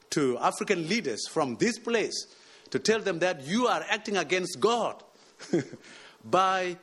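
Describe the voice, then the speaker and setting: Man, from South Sudan, pastor, sermon, husky voice, lively pitch, rhetorical questions. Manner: preaching with rising exhortations and rhetorical questions.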